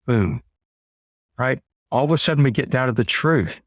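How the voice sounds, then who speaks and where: A man's voice: medium pitch, animated, normal speed, dry recording, studio quality. Blunt, plain-talking sales trainer man. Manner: blunt, emphatic, mild cursing; conversational, often asks "right?". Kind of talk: casual storytelling monologue.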